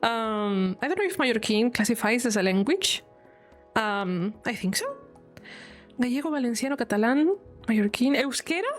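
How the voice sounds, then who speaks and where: A woman's voice: fairly high pitch, big pitch swings, normal speed, soft background music. A woman from Spain with a Spanish accent, chatting casually on a live stream, laughing often and explaining things with examples.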